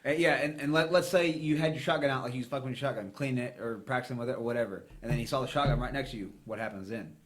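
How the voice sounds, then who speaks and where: A man's voice: mid-range voice, rapid-fire, few pauses. American dude on a podcast, blunt and sweary, rambles his opinions. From United States. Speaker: podcast co-host. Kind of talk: casual podcast discussion.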